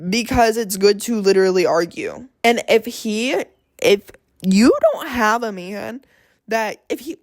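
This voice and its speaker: A woman's voice: mid-range voice, unhurried. A young woman hosting her own podcast, talking alone in a blunt, profane, rambling way and giving pep talks. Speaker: podcast host. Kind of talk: casual solo podcast monologue.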